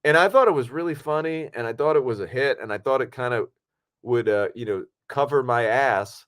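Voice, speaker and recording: Podcast guy rambling through a story, swears a lot, mid-pitched voice. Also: brisk, clean tone. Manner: profane, animated storytelling. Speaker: podcast co-host and actor. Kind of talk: casual chat.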